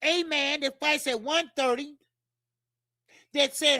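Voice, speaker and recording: Heated, profane boxing-stream host. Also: male voice, very high-pitched, unhurried, long pauses, sharp tone, no echo, clean studio sound. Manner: heated, profane ranting, repeats himself. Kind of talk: live-stream commentary, reading chat.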